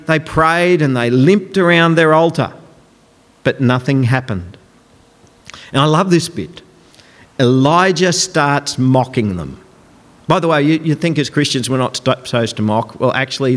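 A man preaching a sermon in a conversational, emphatic way, acting out quotes as he goes. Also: mid-range voice. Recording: long hall reverb.

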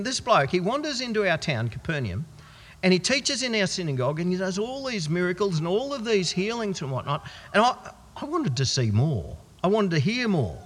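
An Australian man playing an amazed male follower of Jesus, telling it in a folksy, husky voice in a church. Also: high-pitched, sing-song, brisk, fairly bright tone, exaggerated voice. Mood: wondering. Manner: folksy, conversational storytelling. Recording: long church reverb.

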